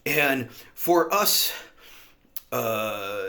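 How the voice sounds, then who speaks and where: A man talks to camera in a meandering, sardonic monologue that is packed with fillers and asides. His voice sits on the low side. The sound bounces around an echoey room. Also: lively intonation, a little slow, a bit bright. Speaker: vlogger. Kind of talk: rambling casual monologue.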